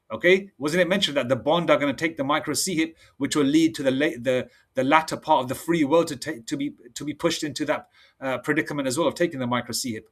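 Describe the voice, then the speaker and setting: A man giving an informal sermon, mixing casual street slang with slow, drawn-out Bible readings. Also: mid-range voice. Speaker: preacher.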